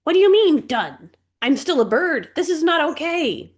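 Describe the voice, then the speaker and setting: A woman voicing a bossy older girl turned into a bird, shrill and demanding. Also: very animated, measured pace, a bit bright, exaggerated voice. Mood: shrill outrage.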